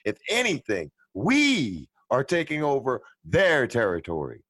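A man co-hosting a casual chat, ranting with heavy swearing and bursts of loud laughter. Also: medium pitch, huge pitch swings, a little slow, no echo. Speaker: podcast co-host. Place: at home with a dog nearby.

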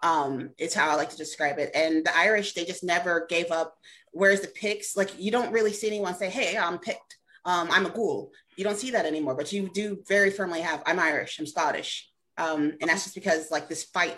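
A woman's voice: on the low side, fairly quick, a bit bright, low-quality recording. A woman in a casual group discussion, explaining history at length. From United States. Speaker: discussion participant.

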